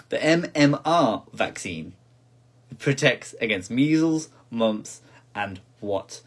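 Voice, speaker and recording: Male quiz host, slightly raspy voice, casual and self-deprecating, repeats the questions. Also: medium pitch. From United Kingdom. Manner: chatty, repeats each question several times, laughs at himself. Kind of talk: casual live-stream quiz hosting.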